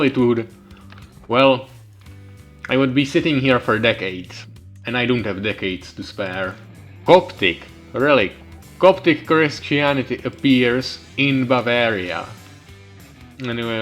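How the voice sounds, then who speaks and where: A man's voice: mid-range voice, a bit bright. Young guy ranting over a strategy game, sarcastic, swears a lot, faint music behind. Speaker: gaming channel host. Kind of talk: strategy game let's-play commentary. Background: faint background music.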